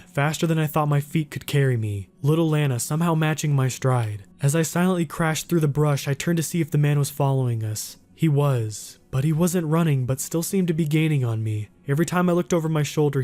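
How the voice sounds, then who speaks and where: Guy with a mellow warm voice reading creepy stories, measured and even, slow pauses. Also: on the high side. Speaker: horror story narrator. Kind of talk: scripted narration.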